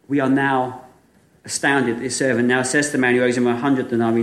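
A man preaching a sermon, retelling a parable with vivid, animated storytelling and frequent rhetorical questions. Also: mid-range voice, brisk. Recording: echoey room.

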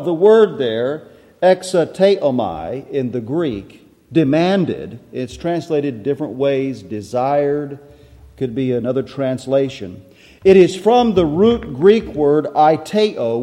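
A man's voice: a little high, mellow. A male pastor preaching a sermon to his congregation, reading scripture and explaining Greek word meanings. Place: church sanctuary. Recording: long hall reverb.

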